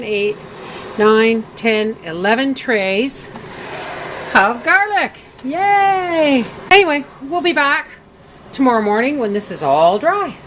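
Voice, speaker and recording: A woman's voice: lowish voice, a little hiss or hum. A woman hosting a homestead cooking video, chatting in a folksy way as she walks through each kitchen step. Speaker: homestead vlogger demonstrating food preservation. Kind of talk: casual kitchen demonstration.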